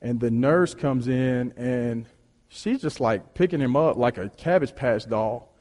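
A man preaching a sermon in a conversational, storytelling way, often restarting his sentences and swinging between hushed and emphatic delivery. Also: medium pitch, a little slow, long reverb tail. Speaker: pastor.

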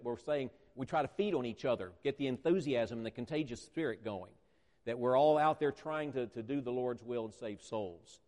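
A man's voice: medium pitch, a little mellow. Emphatic male preacher in an echoey hall. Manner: emphatic, repeats phrases, stretches words for emphasis. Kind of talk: sermon.

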